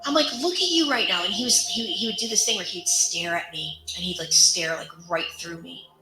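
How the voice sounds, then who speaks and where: A woman's voice: on the low side, normal speed, bright, forceful tone, soft background music. A woman candidly telling the story of her own life in a personal, conversational monologue. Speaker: survivor sharing her story. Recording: roomy echo.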